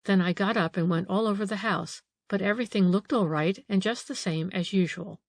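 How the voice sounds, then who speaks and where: A woman's voice: medium pitch, fairly quick, no room sound, studio quality, natural voice. A woman voicing a frightened middle-aged female housekeeper in an audiobook, anxious and eager to please. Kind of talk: audiobook character reading.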